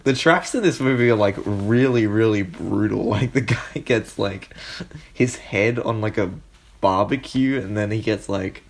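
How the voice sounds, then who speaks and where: A man co-hosting a casual film-review podcast, his voice sitting a bit low. He retells scenes with amusement and breaks into laughter often. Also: a little slow. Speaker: podcast co-host.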